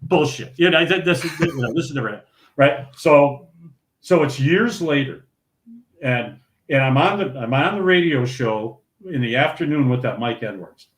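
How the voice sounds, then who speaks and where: At normal speed and in a mid-range voice, an older podcast guest from St. Paul, Minnesota, who used to bowl professionally, recounts an animated, laugh-filled tale with many restarts. The recording has a roomy echo.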